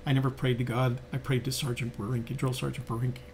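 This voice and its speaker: A man's voice: medium pitch, little pitch movement, fast talker, a little mellow, a little hiss or hum. An older man co-hosting a podcast, telling stories in a reflective, conversational way with frequent fillers and restarts. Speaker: podcast co-host. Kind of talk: reflective storytelling.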